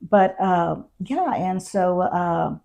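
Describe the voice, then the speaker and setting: A woman's voice: lowish voice, extremely slow, gravelly. A woman, a county constable, tells her story in an interview, acting out the exchanges and using frequent fillers. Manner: animated retelling that acts out quoted exchanges; frequent fillers like "you know" and "um". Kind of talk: first-person storytelling in an interview.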